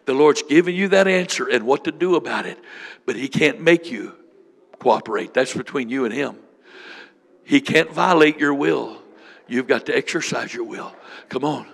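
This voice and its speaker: A man's voice: mid-range voice, moderate pace, gravelly, fairly bright tone, slightly rough. A man preaching as a bishop, leading a fervent prayer with repeated lines and speaking in tongues. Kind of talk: sermon with prayer ministry.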